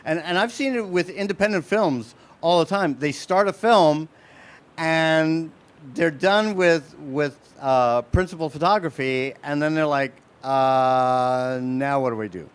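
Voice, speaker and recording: A man's voice: fairly high pitch, a little slow. A man hosting a casual interview, joking around and often repeating his words as he talks. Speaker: host.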